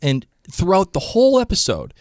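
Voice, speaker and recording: Animated man co-hosting a podcast. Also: high voice, normal speed, dry recording, clean studio sound. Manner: animated, quotes characters in put-on voices. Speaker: podcast co-host. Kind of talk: casual chat about a TV episode.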